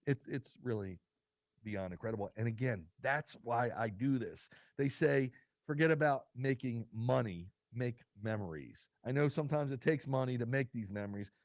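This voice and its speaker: A man's voice: mid-range voice, darkish tone, no echo. Folksy rambling man hosting a vodcast. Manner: rambling, folksy, with fillers and restarts. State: choked up with emotion. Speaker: podcast host. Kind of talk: casual solo vodcast talk. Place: studio.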